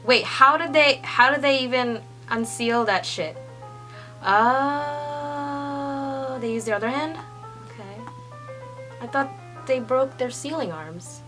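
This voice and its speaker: A young woman reading a manga chapter aloud and reacting with gushing excitement, swearing and laughing often. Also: sits high, slow pace, music in the background. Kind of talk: excited read-along reaction.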